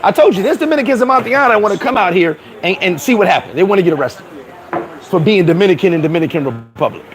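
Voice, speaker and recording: A man vlogging outdoors in town, telling stories in an emphatic, animated casual rant. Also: high voice, fast talker, low-quality recording.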